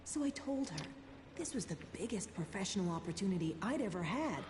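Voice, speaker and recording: A woman's voice: mid-range voice, very animated, fairly quick, a little mellow, reverberant, slight background noise, natural voice. An actress playing a bitter, wry female media coordinator stuck in a disaster zone.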